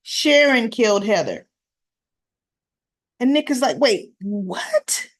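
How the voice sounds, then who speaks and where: A woman's voice: a little high, very animated, takes it slowly. A woman hosting a casual recap vlog, retelling scenes as quoted back-and-forth dialogue with chatty asides to viewers. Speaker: soap opera recap host.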